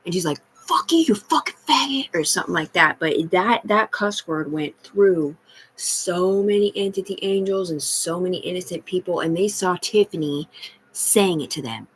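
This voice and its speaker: A woman's voice: lowish voice, moderate pace, slight background noise, poor audio. Agitated, profane woman livestreaming. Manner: profane, agitated, jumps between topics. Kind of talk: rambling live-stream monologue.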